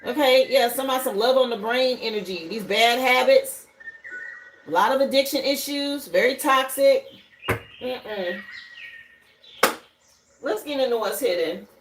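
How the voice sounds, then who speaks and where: A high-pitched woman hosts a live tarot stream from home. She talks loosely and chattily, greeting viewers by name and musing aloud over each card. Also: moderate pace, slight background noise, low-quality recording. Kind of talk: casual live tarot reading. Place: home livestream setup, burning incense.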